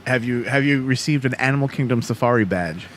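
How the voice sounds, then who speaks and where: A man's voice: medium pitch, fairly quick, a bit bright, slight background noise. A man hosting a podcast who quizzes his guest and teases him sarcastically in casual banter. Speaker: podcast host.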